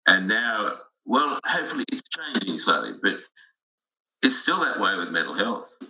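A man's voice: lowish voice, very animated, moderate pace, sharp tone, low-quality recording. A middle-aged man in casual conversation, telling stories earnestly with frequent restarts.

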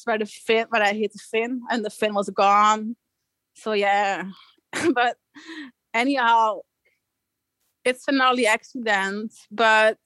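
Her voice fairly high, a young woman from Belgium chats as a guest surfer about a surfing episode, animated and laughing often while acting out quotes. The recording is low quality, with no echo.

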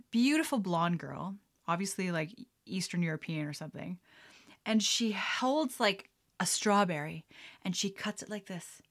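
At home with a drink she's mixing on camera, a young podcast host chats in a rambling way and keeps giggling. Her voice sits on the low side with a fairly bright tone.

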